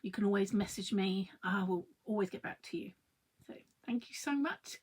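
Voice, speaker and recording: A woman's voice: mid-range voice, moderate pace, a little mellow, breathy edge. A woman in her thirties chatting to viewers while she demonstrates a craft project live. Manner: chatty, friendly, talks to viewers and reads their comments.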